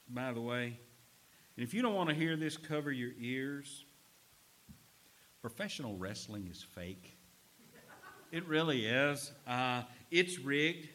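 Bright-voiced preacher man, joking and animated. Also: medium pitch, low-quality recording. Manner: animated, humorous asides to the congregation; swings between loud emphasis and quiet asides. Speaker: pastor. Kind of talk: sermon.

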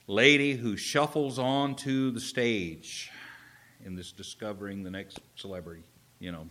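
A male pastor preaching a sermon in church. He tells the story with jokes and swings between loud and hushed delivery. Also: mid-range voice. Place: church service.

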